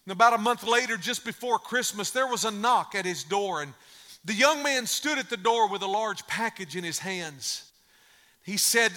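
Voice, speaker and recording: In a high, sharp-toned voice at a moderate pace, a pastor delivers a sermon built around a story. He's emphatic, hammering his points through repetition, and his words echo with the long reverb of a large hall.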